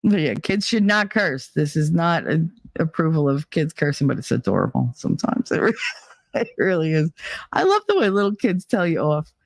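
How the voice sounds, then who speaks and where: A woman's voice: low voice, big pitch swings, normal speed, vocal fry, no echo. A middle-aged woman hosting a casual solo talk show, blunt and opinionated, swearing freely and laughing often. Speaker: podcast host.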